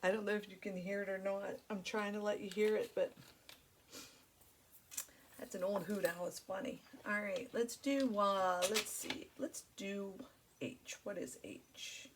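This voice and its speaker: A woman chats casually to her viewers while she crafts, rambling a little and filling her pauses with ums. Her pitch is middling for a woman. A faint hiss of noise sits under the voice. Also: steady tone. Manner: rambling, friendly, many fillers. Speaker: crafting channel host.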